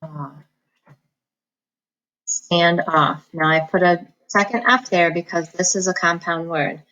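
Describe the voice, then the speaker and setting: A woman teaching a reading lesson, slowly sounding out words and syllables and pausing for the listener to repeat them. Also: on the low side, fairly even intonation, pushed and bright, dull audio. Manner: slow, patient enunciation of words and syllables; repeats each word for the listener to echo. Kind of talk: phonics lesson, slow and clear.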